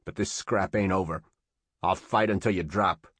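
A man doing a young drifter who picks fights, low tough voice, snaps out defiant lines, dry close sound. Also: fairly even intonation, normal speed, a bit bright, slightly rough, no room sound. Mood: growling. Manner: hard, clipped, defiant. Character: tough young male hobo, hot-tempered brawler.

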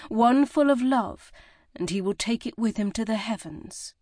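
A woman's voice: measured pace, no echo, clean studio sound. A woman voicing a kindly village midwife, urging and tender, in an audiobook. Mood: coaxing. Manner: high, coaxing and gentle.

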